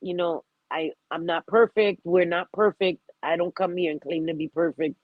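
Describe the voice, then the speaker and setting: A woman's voice: lowish voice, moderate pace, dry recording, narrow, tinny audio. Heartfelt stuffy-nosed woman streamer. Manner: heartfelt, rambling, laughs often. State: stuffy nose. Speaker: livestream host. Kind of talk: emotional live-stream chat.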